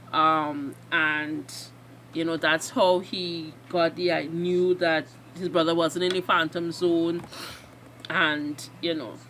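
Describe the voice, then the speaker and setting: A woman hosting a reaction video, excitably and emotionally recapping a TV episode in a rambling way. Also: fairly low pitch, slight background noise.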